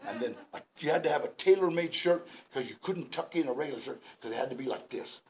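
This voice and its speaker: A man in his sixties telling his story at a recovery meeting, animated and laughing, with shouted bursts. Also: mid-range voice, fast talker, slight background noise. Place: large indoor meeting room.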